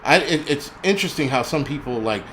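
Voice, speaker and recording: A man ranting on his own livestream at a middle pitch, swearing freely and restarting sentences as he goes. His delivery is loose and rambling, with a faint hiss of noise under the voice. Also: animated, fairly quick, a bit bright. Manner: profane, rambling, frequent restarts. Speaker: livestream host. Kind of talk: casual livestream rant.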